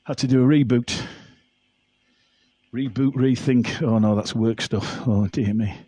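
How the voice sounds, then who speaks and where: Warm and medium-pitched, this man talks a little slowly with fairly even intonation while hosting a home live stream. He sings, chats, and reads out viewer comments using a laptop and phone. The recording is dry, with faint backing music underneath.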